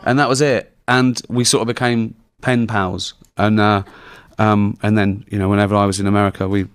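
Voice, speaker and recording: A man's voice: lowish voice, level tone, normal speed, clean tone, no room sound. A man in his forties with an English accent, a comedian telling rambling stories in an interview, laughing at his own punchlines. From England. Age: 40s. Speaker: comedian guest. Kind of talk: casual anecdotal interview talk.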